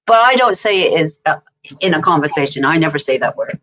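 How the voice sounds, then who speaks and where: A woman's voice: sits low, animated, quick pace, a bit bright. A woman with an English accent, chatting casually and rambling on a livestream, laughing often. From England.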